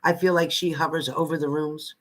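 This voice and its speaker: A man's voice: a little high, level tone, fairly quick, a bit bright. A man giving live psychic readings to viewers from home in a chatty manner, repeating phrases and calling people by name. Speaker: psychic reader.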